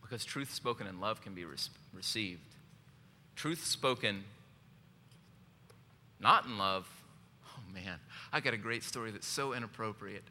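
Heard through long hall reverb and faint background noise, a male pastor with a fairly low, pushed and bright voice preaches at a measured pace with frequent pauses. His sermon includes jokes, a personal story and questions for the congregation.

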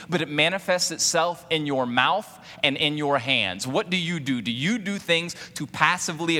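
Pastor guy in his 40s preaching, lots of questions to the crowd, bright edgy voice, long echo off the hall. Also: fairly high pitch. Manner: preaching with rhetorical questions and call-outs to the congregation. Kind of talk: sermon.

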